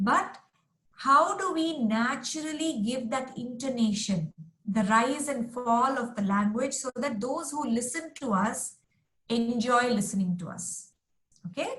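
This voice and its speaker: A woman's voice: high voice, a bit bright. A woman teaching a class over a video call, patiently modelling sentences for her students. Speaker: English teacher. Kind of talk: online class instruction. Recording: roomy echoey sound.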